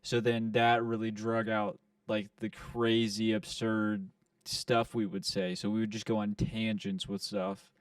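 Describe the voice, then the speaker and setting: A man's voice: lowish voice, a little slow, smooth, no room sound, distant mic. Young male podcast co-host, loose rambling storyteller, dry room, sits back from the mic. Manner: rambling, profane, quotes friends in put-on voices. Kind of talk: casual storytelling chat.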